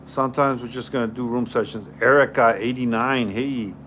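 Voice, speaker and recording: A man's voice: medium pitch, steady tone, moderate pace, fairly bright tone, slight background noise. A man hosting a casual live stream on his phone, chatting with viewers, greeting them by name, and repeating himself as he goes. He says he is tired.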